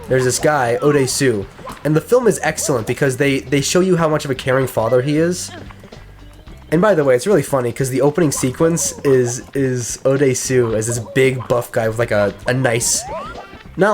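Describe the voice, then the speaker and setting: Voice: medium pitch, normal speed, darkish tone, soft background music. A gaming co-host in casual let's-play chat, rambling and cursing while retelling a film plot. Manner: rambling, profane, retells a film with quoted voices.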